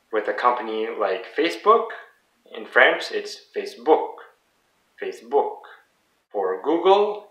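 A man's voice: mid-range voice, fairly bright tone. A man who learned French as a second language, giving a casual video lesson and patiently repeating example words. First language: English. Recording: roomy sound from a distant mic.

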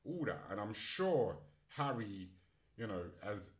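A man's voice: on the low side, big pitch swings, slow pace. A man hosting a casual panel podcast, reading news items aloud and breaking off into chatty commentary with fillers. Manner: reads articles aloud, then breaks off into chatty asides with fillers. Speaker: podcast host and moderator.

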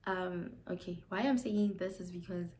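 A young woman with a South African accent tells a personal story in a casual vlog, her voice sitting fairly low. She talks with open emotion and switches between English and Sesotho. Now and then she drops to a near whisper. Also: normal speed, a little mellow, rough recording. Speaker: YouTuber.

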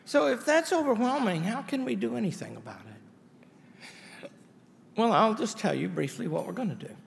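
Gravelly older-sounding college head, lively pitch, wry folksy speech in a reverberant hall. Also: male voice, moderate pace, slight background noise. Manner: wry, folksy storytelling with asides. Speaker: college president. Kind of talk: anniversary speech to an audience. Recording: hall reverb with faint ambience.

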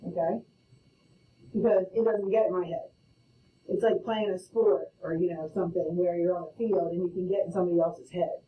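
A woman's voice: fairly low pitch, fairly even intonation, moderate pace. A middle-aged woman teaching a math class, playful and storytelling, often checking in with "okay?". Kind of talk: classroom lecture. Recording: roomy, distant, muffled classroom audio.

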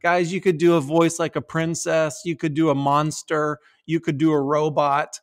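A middle-aged man talking on a podcast in a lively, casual way, laughing often and slipping into silly voices. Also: on the high side, moderate pace. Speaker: podcast host.

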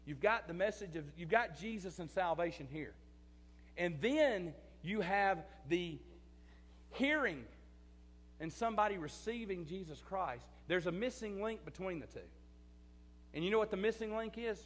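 A man preaching a sermon as pastor, swinging between loud emphatic bursts and quiet confiding asides, repeating phrases for emphasis. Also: high-pitched, expressive, moderate pace. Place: church sanctuary. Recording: church hall reverb.

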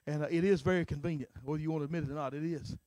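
A middle-aged man preaching a sermon as pastor, starting lines with a filler "uh" and swinging from shouts to hushed talk. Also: a little high, steady tone, very fast, dry recording. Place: church sanctuary.

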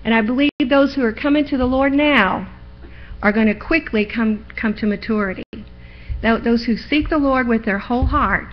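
Speaking at a moderate pace in a fairly high voice, a middle-aged woman delivers a church sermon built around her personal testimony. Her folksy manner swells into louder, forceful emphasis, captured in lo-fi live stream sound.

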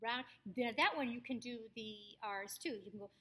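A woman voice coach teaching a diction lesson, crisply over-articulating tongue twisters and projecting loudly on the demonstrations. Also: a little high, a little fast, noisy background. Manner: projects loudly on demonstrations, speaks softly between them. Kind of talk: voice workshop lesson.

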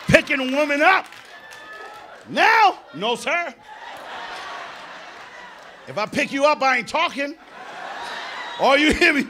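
Brash high-voiced stand-up comedian. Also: male voice, very animated, slow pace, long pauses, crowd noise, noisy background. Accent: New York. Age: middle-aged. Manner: loud, brash, swinging from mutters to shouts. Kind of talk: live stand-up set. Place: live theater stage.

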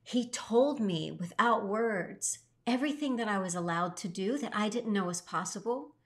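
A woman's voice: medium pitch, lively intonation, normal speed. A middle-aged woman co-hosting a show, earnestly telling an emotional personal story with swings in her voice. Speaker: co-host. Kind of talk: heartfelt storytelling.

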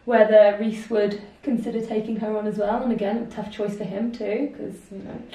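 A woman's voice: mid-range voice, flat delivery, brisk, dark tone. A British woman chatting casually as a guest, telling stories with a teasing, laughing manner. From Britain. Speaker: guest triathlete. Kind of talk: casual chat. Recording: echoey room from far off.

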